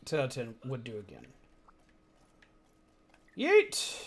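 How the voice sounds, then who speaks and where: High-voiced rambling young man streamer. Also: moderate pace. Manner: rambling, animated, swears freely. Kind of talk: casual gaming commentary.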